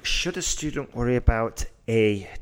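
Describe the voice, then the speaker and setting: A man from England with a Yorkshire accent, an IELTS teacher talking through exam tips in a relaxed discussion, often restarting and rephrasing as he thinks. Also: mid-range voice, moderate pace, clean tone. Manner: thoughtful, restarts and rephrases as he explains. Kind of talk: casual discussion.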